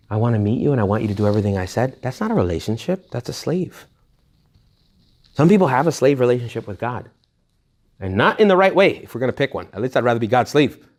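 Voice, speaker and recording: A man, a Catholic priest, giving a retreat talk to young adults in a blunt, jokey, animated way. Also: mid-range voice. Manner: animated, jokey, acts out quoted voices; blunt and emphatic.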